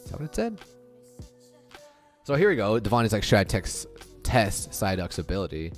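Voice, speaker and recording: A man giving casual commentary over his recorded game, thinking out loud and retelling the match in a chatty way. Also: lowish voice, very animated, moderate pace, soft background music. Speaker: gaming video creator.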